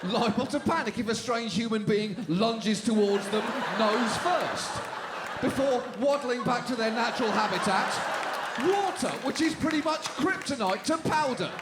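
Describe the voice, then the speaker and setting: Man, stand-up host, very high voice, dry mock-earnest delivery, roomy club, crowd laughter. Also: lively intonation, moderate pace, very noisy. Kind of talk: comic monologue and introductions. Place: comedy club stage with a live audience.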